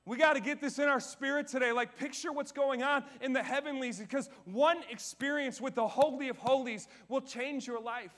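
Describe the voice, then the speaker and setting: A male pastor preaching a sermon on stage, full of energy, asking the audience questions and swinging from loud declarations to quiet asides. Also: extremely high pitch, steady tone, moderate pace, few pauses. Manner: asks the audience questions and answers them. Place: church stage.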